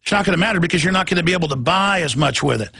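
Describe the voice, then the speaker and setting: Brief: male political talk host, gravelly and sharp-toned, ranting and repeating himself. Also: sits high, expressive, very fast, a little hiss or hum. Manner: heated, repetitive, ranting, at times yelling. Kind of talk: political talk show rant.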